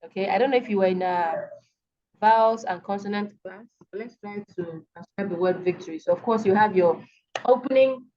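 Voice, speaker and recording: A woman with a Nigerian English accent tutoring students over a video call, patient and repeating each word slowly. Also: medium pitch, mellow. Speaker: online tutor. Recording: dull lo-fi video call audio.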